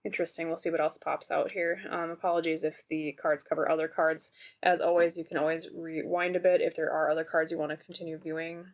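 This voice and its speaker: Chatty Minnesotan woman reading tarot. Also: low-pitched. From Minnesota, United States. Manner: chatty, rambling, often checks in with "okay?" and "right?". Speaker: tarot reader, channel host. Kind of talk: casual pick-a-card tarot reading.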